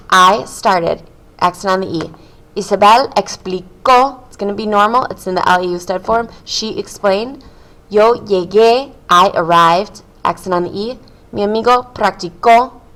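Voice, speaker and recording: A woman's voice: medium pitch, fairly bright tone, rough recording. A woman teacher in a video lesson, patiently drilling verb forms and translations one by one. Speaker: Spanish teacher.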